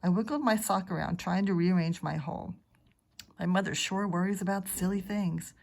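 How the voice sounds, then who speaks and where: A teacher reading a children's chapter book aloud, narrating in a steady, expressive way. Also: female voice, lowish voice, normal speed, creaky. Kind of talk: storybook read-aloud.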